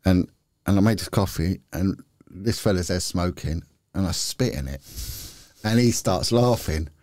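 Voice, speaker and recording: A middle-aged former police detective, appearing as a podcast guest, spins rambling, candid anecdotes in casual conversation, chatty and often restarting his sentences. His voice is low and a little mellow, with a measured pace. The recording is studio quality with no echo.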